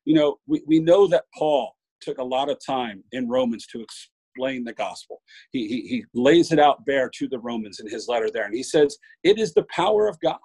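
A man preaches an informal sermon, earnest and building in emphasis as he stacks up points. His voice has a slight husky edge, sitting at an ordinary middle pitch. The sound is dry and close, with little room around it. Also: normal speed, warm tone, no echo, poor audio. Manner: earnest, with frequent restarts and rising emphasis.

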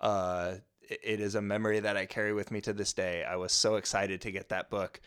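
A man co-hosting a casual podcast chat, with a voice sitting a bit low for a man. He talks in an easygoing, rambling way and reminisces fondly. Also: little pitch movement, fairly quick, a bit bright, clear, resonant tone. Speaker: podcast co-host.

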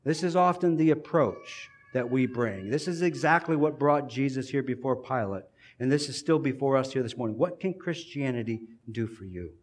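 A man preaching a sermon in an earnest way, building emphasis and pausing between phrases. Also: mid-range voice, animated.

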